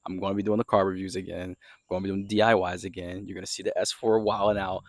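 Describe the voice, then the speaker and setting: A young man with a fairly low voice rambles through a casual story, heavy on fillers, in an easygoing vlog manner. He films himself outdoors in his yard and walks around while he talks. The recording is dry and close, with almost no room sound. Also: little pitch movement, fast talker, dry recording. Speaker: car vlogger.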